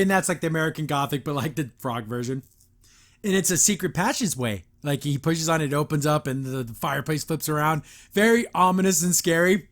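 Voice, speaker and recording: A male podcast host reviews a cartoon in a casual, chatty way, his voice high-pitched, fairly bright, and fairly quick. He laughs often and drops into the characters' lines while retelling scenes.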